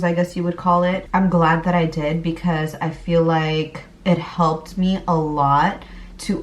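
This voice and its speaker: A young woman vlogging candidly and chattily about her pregnancy, laughing now and then as she recalls things. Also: on the low side. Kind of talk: casual pregnancy vlog talk. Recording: roomy, a bit far from the mic.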